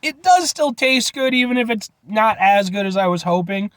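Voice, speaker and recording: A man's voice: high voice, expressive, normal speed, fairly bright tone, no echo. A man giving a rambling, jokey casual vlog review, often addressing viewers as folks. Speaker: food reviewer.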